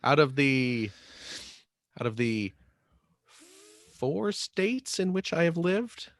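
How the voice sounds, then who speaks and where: A man's voice: on the high side, takes it slowly, no room sound, studio quality. A man in his forties co-hosting a podcast, riffing goofily in a casual chat. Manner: animated, goofy riffing. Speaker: podcast co-host.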